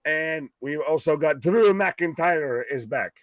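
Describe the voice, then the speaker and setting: A man's voice: fairly high pitch, slow, dry recording. A man co-hosting a live wrestling stream, talking casually, swearing often and jumping in over his co-host. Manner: profane, excitable, talks over others.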